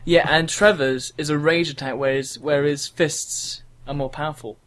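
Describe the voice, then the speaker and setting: Chatty young man, slightly high voice. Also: fairly even intonation, moderate pace, a bit bright. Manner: rambling, chatty, frequent ums. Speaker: podcast co-host. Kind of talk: casual gaming podcast chat.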